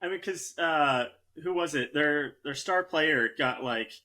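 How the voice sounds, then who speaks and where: A man co-hosting a casual sports podcast in a laid-back, rambling way, laughing easily. His voice is bright and sits a little high for a man. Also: a little slow. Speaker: podcast co-host.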